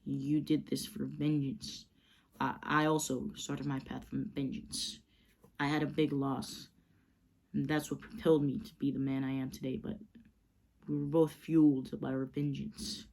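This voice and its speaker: A woman putting on a brooding caped vigilante who speaks low and hushed, every line grave and hardened. The voice sits deep and quiet, close to a murmur, in a casual fan retelling. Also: little pitch movement, unhurried, vocal fry, full character voice. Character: brooding gruff male vigilante hero.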